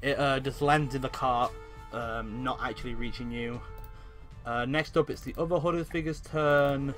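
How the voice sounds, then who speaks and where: A man's voice: mid-range voice, fairly even intonation, normal speed, fairly bright tone, faint music behind. A man narrating as game master in an online tabletop game, casual and hesitant with many fillers.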